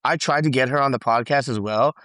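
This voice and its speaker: A man hosting a podcast with a mid-pitched voice, talking casually and swearing freely. He reacts fast and gets excited when surprised. The recording is dry and close. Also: dry recording. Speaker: podcast host.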